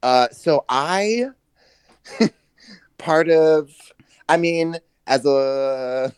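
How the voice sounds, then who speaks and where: Lively, laughing man chatting on a podcast. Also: a little high, drawn-out words, smooth, no echo. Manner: animated, laughs often, playful slang. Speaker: podcast co-host. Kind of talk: casual gossip chat.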